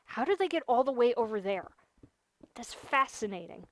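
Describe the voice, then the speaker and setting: A woman's voice: on the high side, very animated, moderate pace. A young adult woman, a gaming livestreamer, talking casually while she plays, venting and repeating her points with emphasis. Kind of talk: casual chat while streaming a game.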